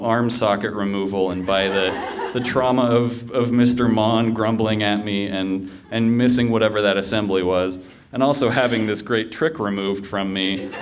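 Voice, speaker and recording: A man's voice: on the low side, a little hiss or hum. A man telling a humorous personal story live on stage, in a conversational way with fillers and restarts.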